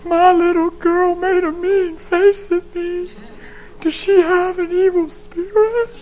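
A man's voice: level tone, takes it slowly, a little mellow, faint music behind, poor audio. A male preacher voicing an anxious young mother who frets, near tears, that she is failing. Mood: fretful. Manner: high, fretful and near tears.

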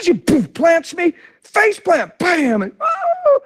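A man preaching a testimony in animated storytelling, swinging from shouts to hushed near-whispers. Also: very high voice, slow pace. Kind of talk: sermon testimony.

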